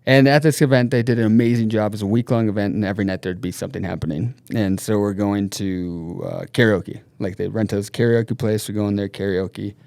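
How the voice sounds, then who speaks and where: A middle-aged man, a podcast guest, telling a wild road-trip anecdote in a loose, profane, animated way. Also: fairly low pitch, a little fast, creaky, few pauses, no room sound, studio quality. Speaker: podcast guest, snowboard team manager. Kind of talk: casual storytelling.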